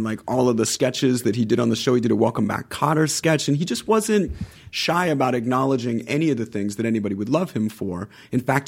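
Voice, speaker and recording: A man who is a guest on a podcast, chatting casually and acting out the people in his anecdotes. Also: medium pitch. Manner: animated storyteller, acts out quoted voices.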